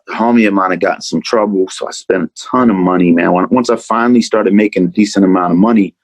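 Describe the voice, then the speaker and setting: A man talks through a candid interview in a lowish voice. He rambles, swears easily, and keeps tossing in "man" and "you know." The recording is dry, with almost no room around it. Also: no room sound, low-quality recording. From Atlanta, USA. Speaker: rapper, interview guest.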